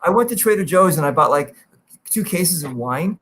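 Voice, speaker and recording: Man, high voice, podcast host, casual storytelling, animated, profane. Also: moderate pace, a little hiss or hum. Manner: animated, swears freely, jumps to high-pitched quoted voices.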